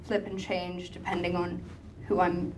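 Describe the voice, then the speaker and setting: A woman from New York, hosting and asking follow-up questions in a relaxed interview. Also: lowish voice, moderate pace, distant mic, a little hiss or hum, low-quality recording. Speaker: podcast host.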